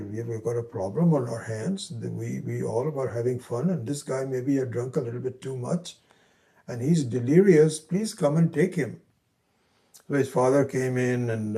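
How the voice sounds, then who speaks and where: A man teaching Vedanta, telling a story in a halting way and acting out its voices. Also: medium pitch, gravelly, mellow. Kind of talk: spiritual lecture with storytelling.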